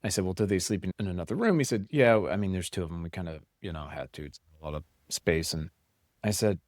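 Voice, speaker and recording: Man, middle-aged, blunt and profane, casual podcast talk, fairly low pitch, dry sound. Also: quick pace, no room sound. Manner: profane, blunt, animated storyteller. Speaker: podcast co-host. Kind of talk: casual chat.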